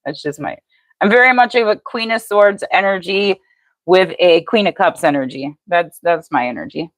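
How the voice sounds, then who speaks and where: Low, even-voiced older woman reading tarot. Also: normal speed, no echo. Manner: even, matter-of-fact delivery; chatty, talks to viewers by name. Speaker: tarot reader. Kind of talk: live-stream tarot reading.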